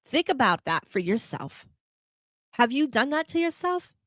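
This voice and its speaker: Unhurried and high-pitched, she hosts a thoughtful spiritual talk show and likes to pose rhetorical questions to whoever's listening. Her manner is animated, breaking into laughter as she talks about her own life, in a studio-quality recording free of room sound.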